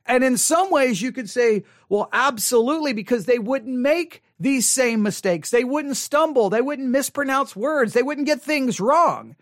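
A man's voice: very high-pitched, lively intonation, a little slow, hardly any pauses, no room sound. A man, a pastor, talking earnestly to the camera from a studio and thinking aloud with many restarts. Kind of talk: reflective monologue to camera.

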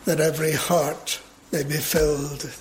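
A man preaching a sermon in a measured way, building to emphatic peaks. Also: a little high, flat delivery, slight background noise.

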